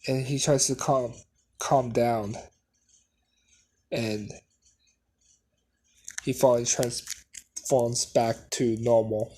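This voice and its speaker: Brief: male fan storyteller, unhurried, halting, casual delivery. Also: medium pitch, steady tone, dark tone, husky. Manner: halting, full of fillers and restarts. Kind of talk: casual unscripted story retelling.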